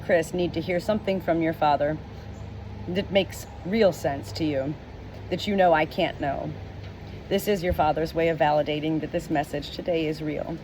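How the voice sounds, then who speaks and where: A middle-aged woman speaking as a spiritual medium, slow and emotional, often repeating words, tearful at times. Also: sits low, darkish tone. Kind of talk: channeled message video. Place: outdoors with roosters nearby. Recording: roosters and outdoor noise behind.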